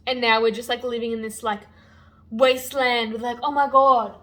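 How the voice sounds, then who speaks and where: Bright, high-voiced young woman vlogger. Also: a little fast. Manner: chatty and animated, many fillers. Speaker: book vlogger. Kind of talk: casual vlog chat.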